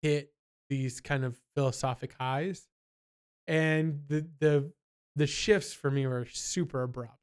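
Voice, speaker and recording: Animated young man, smooth clear voice. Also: fairly high pitch, slow. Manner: animated storyteller, mimics people in quotes. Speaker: podcast co-host. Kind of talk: casual chat.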